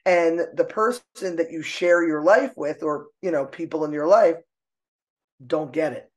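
Expressive middle-aged woman, laughing often. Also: sits low, measured pace. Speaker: podcast guest, artist and author. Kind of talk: casual conversational interview. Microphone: own microphone.

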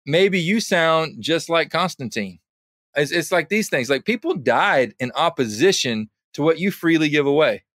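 A man guesting on a podcast in casual conversation, an animated storyteller who drops his voice when quoting others. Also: a little high, moderate pace, no room sound, studio quality.

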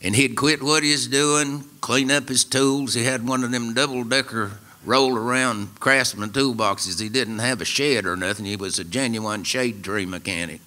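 A man's voice: mid-range voice, steady tone, normal speed, hardly any pauses, sharp tone. An older man from East Tennessee with a local accent, telling a wry, folksy story to a live radio studio audience. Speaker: storyteller and musician.

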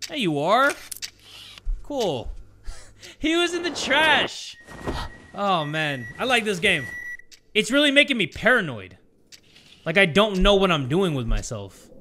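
Excitable, bright young man gaming. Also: a little high, slight background noise. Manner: excitable, swearing, jokey, talks to viewers. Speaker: gaming YouTuber. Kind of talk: let's play commentary.

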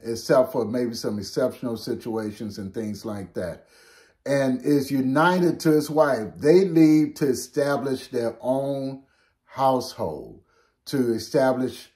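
Slow, unhurried older male pastor. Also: medium pitch, darkish tone. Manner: slow, unhurried, conversational teaching with frequent "okay?" check-ins. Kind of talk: bible teaching.

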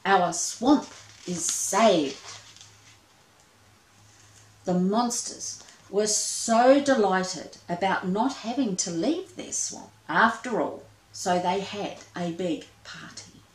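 Slow woman reading a children's story. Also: mid-range voice, lively intonation, echoey room, rough recording. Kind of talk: children's story read-aloud.

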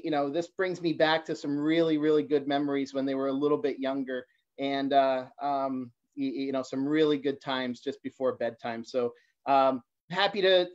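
A man in his forties, a guest reader, reading a children's picture book on a livestream, halting at times with fillers and restarts. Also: on the high side, a little mellow. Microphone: phone or laptop for a livestream. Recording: dull lo-fi livestream audio.

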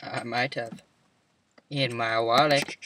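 A man's voice: mid-range voice, steady tone, takes it slowly, pushed and bright. Guy with dry sarcastic comebacks, far from the mic, bit of hiss. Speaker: co-player. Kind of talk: casual gaming chat. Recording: distant mic with faint noise.

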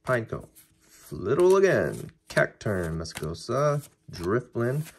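A man casually talking through a card-opening video, chatty and excitable as he reacts to each pull. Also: mid-range voice, slow pace, breathy edge.

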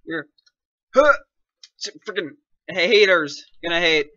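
This young man offers casual gameplay commentary, his high voice sharply bright as he gripes, jokes, and pokes fun at himself with plenty of excitement. The audio is close, dry, and echo-free, with a dull, lo-fi quality.

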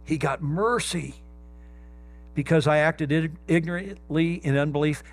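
A male pastor preaching a sermon, stressing key words slowly and emphatically. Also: fairly high pitch.

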